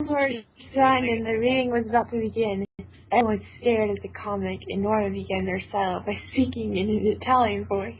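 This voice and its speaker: A woman's voice: medium pitch, fairly even intonation, a little fast. A woman reading the narration of a fan story aloud during a casual group read-through, prompting the others. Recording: tinny call audio with faint hiss.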